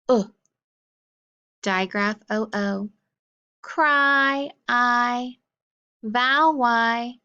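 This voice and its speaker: A woman teacher runs a phonics drill, calling out sounds and spelling them letter by letter. She speaks at a very slow, deliberate pace. The recording sounds dull and lo-fi. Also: medium pitch, fairly bright tone.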